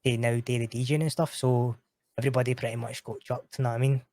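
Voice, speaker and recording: A man with a Scottish accent, a guest telling stories in casual chat, animated and sweary. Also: medium pitch, quick pace, no echo. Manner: animated, sweary, quotes others in raised voice.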